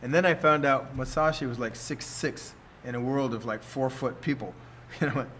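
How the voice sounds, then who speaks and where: A man's voice: medium pitch, normal speed, fairly bright tone, a little hiss or hum. Older man teaching, keeps asking "see?". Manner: rambling, keeps asking "see?", chuckles often. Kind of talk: casual teaching talk.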